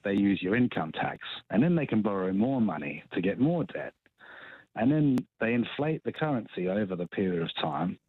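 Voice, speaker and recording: Australian male caller, husky and very deep, rambling, on a tinny phone line. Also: no echo. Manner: rambling, hesitant, many ums and restarts. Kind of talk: phone-in talkback call. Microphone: telephone.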